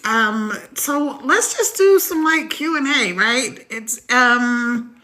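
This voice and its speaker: A woman's voice: on the high side, lively intonation, takes it slowly, bright, forceful tone. A woman hosting a live stream, chatting casually, telling a story with laughs and greeting viewers by name.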